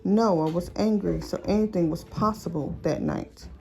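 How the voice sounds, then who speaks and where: Woman in a recorded interview, halting, plain talk, mellow low-key voice. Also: gravelly, poor audio. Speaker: interviewee recounting a shooting.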